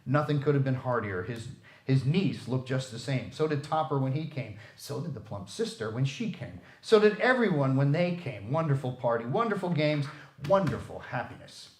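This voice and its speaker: Guy reading a story out loud, super expressive, lively voice, echoey room. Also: medium pitch, moderate pace. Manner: expressive, theatrical. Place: library room.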